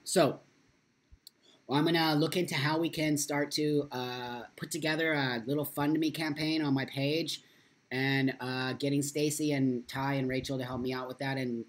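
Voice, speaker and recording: A man talks straight to his viewers on a casual live stream. He speaks with strong feeling, curses often and reads out their comments as he goes. His delivery is loose and unscripted. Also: medium pitch. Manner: impassioned, swears freely.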